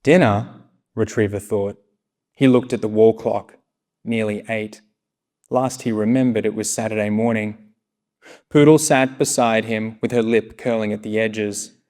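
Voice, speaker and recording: A man narrating a story aloud at a live reading, in a steady, soft manner. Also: fairly low pitch, a little slow. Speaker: story reader.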